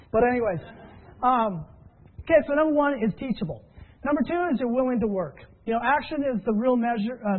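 A fairly high-voiced man tells stories and coaches his listeners in an upbeat, encouraging way. His voice comes through a thin, tinny phone line. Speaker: business trainer. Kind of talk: motivational training talk.

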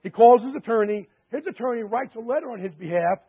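A man pitching a membership through chatty anecdotes full of quoted dialogue and fillers, in a dull lo-fi recording. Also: lively intonation, fast talker, husky. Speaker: sales presenter. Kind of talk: sales pitch storytelling.

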